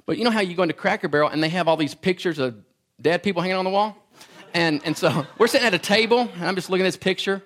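A man's voice: high-pitched, fast, fairly bright tone. A man in his thirties giving a sermon as pastor, telling self-deprecating stories with stammered restarts.

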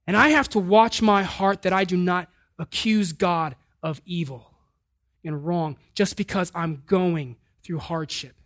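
A man preaching a sermon in a conversational, animated and emphatic style. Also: sits high.

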